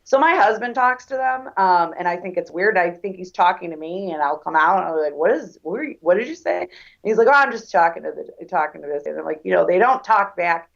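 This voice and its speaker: A woman's voice: on the low side, fairly quick, vocal fry, a bit bright. A woman guest on a casual podcast, talking in a chatty, blunt way and laughing easily. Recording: dull lo-fi remote line.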